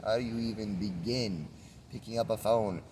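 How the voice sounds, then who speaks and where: A man's voice: on the low side, normal speed, a little mellow, slight background noise. A man rambling in a laid-back spiritual monologue while traveling, swearing now and then. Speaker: traveling vlogger. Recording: outdoor street recording from a distance.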